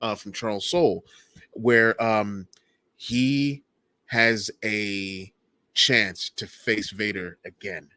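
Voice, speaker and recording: A man in his forties co-hosting a podcast, chatting casually and joking, acting out quotes in loud voices. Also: lowish voice, takes it slowly, no echo. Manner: animated, jokey, acts out quotes in loud voices. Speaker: podcast co-host. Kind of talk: casual chat.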